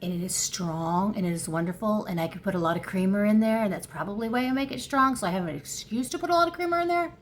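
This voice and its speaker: A woman in her fifties chatting casually at home for her crochet vlog, rambling and easily excited. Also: medium pitch, quick pace, hardly any pauses, a little hiss or hum. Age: 50s. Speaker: crochet vlogger. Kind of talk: casual chat.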